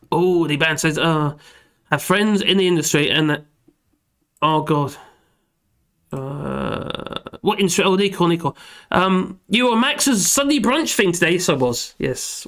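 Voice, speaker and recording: A hoarse man rambling and joking through a casual livestream chat, reading out comments. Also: a little high, a bit bright. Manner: rambling, self-deprecating, laughs often. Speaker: livestream host.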